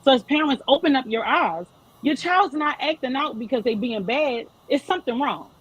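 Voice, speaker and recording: A woman's voice: high-pitched, expressive, moderate pace, husky, low-quality recording. A woman in her thirties speaking as a panel guest, giving earnest, emphatic advice to parents. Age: 30s. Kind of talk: panel discussion.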